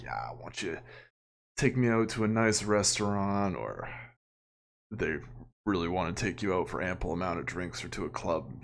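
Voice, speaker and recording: A man with a notably low voice hosts an offhand reaction commentary. He talks casually and opinionatedly, chuckling often as he goes. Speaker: commentary channel host.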